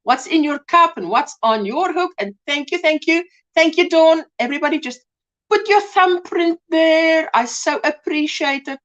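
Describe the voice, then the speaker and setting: Lively high-voiced South African woman host. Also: moderate pace, highs cut off. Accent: South African English. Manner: warm, greets viewers by name, says "hey?" and "my sweetheart". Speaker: crochet livestream host. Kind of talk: casual live chat reading comments.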